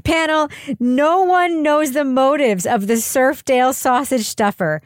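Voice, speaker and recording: A woman's voice: sits high, unhurried, no room sound, studio quality. A woman hosting a podcast panel in casual chat, playful and often laughing mid-sentence. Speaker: podcast host leading a panel.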